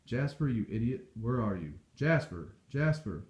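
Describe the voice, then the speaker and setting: A man doing a curt, irritable gentleman. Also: mid-range voice, big pitch swings, unhurried. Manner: brusque and impatient. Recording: dull echoey home recording.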